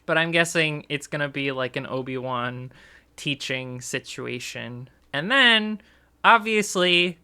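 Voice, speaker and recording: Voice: mid-range voice, pushed and bright, clean tone. A video creator chatting casually through a game lore breakdown, speculating aloud with lots of filler words.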